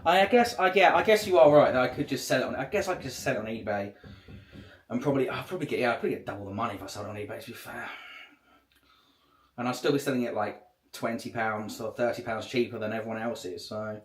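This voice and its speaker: A man's voice: medium pitch, quick pace. A man chatting casually on a livestream, rambling and swearing a lot. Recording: echoey room.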